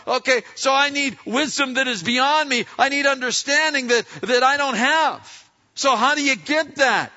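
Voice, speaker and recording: A man preaching a sermon in a folksy, conversational way, swinging between loud emphatic lines and quiet asides and acting out quotes. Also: very high voice, normal speed. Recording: dull lo-fi sound.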